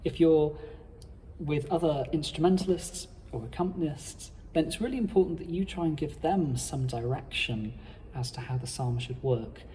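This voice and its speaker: A man explaining how to cantor psalms in a measured, formal instructional talk. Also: on the high side, warm tone, long reverb tail, a little hiss or hum. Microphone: playing his own accompaniment.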